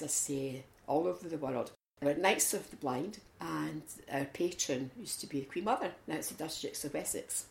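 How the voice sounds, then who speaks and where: A Scottish woman chats through her stories in a low, gravelly voice, acting out the lines of the people in them. The sound carries a roomy echo. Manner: lively storyteller, acts out quotes. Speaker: interviewee, community volunteer. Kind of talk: chatty anecdotal interview. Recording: echoey room.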